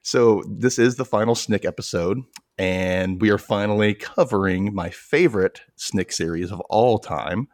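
Male podcast host, casual chat, animated and laughing, slightly low voice, dry recording. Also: a little slow, no room sound.

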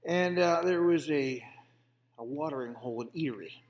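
A man's voice: on the high side, moderate pace, darkish tone. A man co-hosting a comedic banter show, telling stories in a playfully pompous, mock-grand manner. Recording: long hall reverb.

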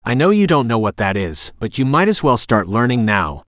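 A man's voice: medium pitch, sing-song, moderate pace, a bit bright, dry recording, clean studio sound. A man reading an intense, defiant woman on the run. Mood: urgent, firm. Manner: commanding, blunt.

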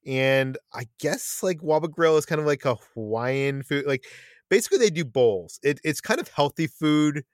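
A man's voice: a little high, animated, normal speed, dry recording, clean studio sound. A man hosting a casual podcast chat, talking with frequent stammered restarts and fillers. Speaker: podcast host.

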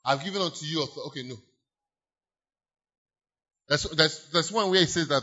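A man preaches a sermon in a fairly high, sharp and husky voice. He leans hard on key phrases, repeating and stretching them, and leads his listeners in call-and-response declarations. The recording sounds dull and lo-fi. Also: a little fast, pauses often. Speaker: pastor.

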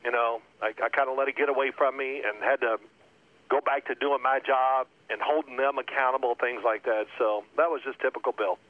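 A man in his sixties telling stories in a casual, animated way and acting out quotes in other voices. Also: medium pitch, brisk. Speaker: guest, former pro quarterback. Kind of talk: casual storytelling. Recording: phone-like line.

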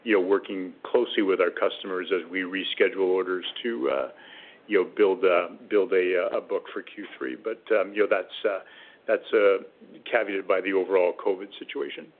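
A man's voice: sits low, fairly quick, vocal fry. A man speaking as a company executive on an earnings call, hesitant and full of fillers. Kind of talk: conference call answer. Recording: tinny phone line.

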